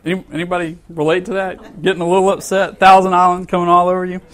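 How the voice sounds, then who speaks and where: High-voiced man telling a sermon story. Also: fast. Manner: animated storyteller, acts out angry quotes, chuckles with the crowd. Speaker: preacher.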